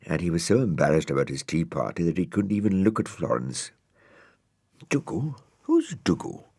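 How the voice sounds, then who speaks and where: Man, storybook narrator, very low voice, lively intonation, wry, gentle. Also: fast, no room sound, clean studio sound.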